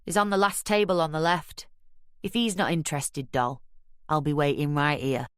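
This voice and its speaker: A woman's voice: low voice, fairly even intonation, normal speed, clean tone, clean studio sound, natural voice. A woman voicing a patronising male doorman at a pool hall, offhand and condescending.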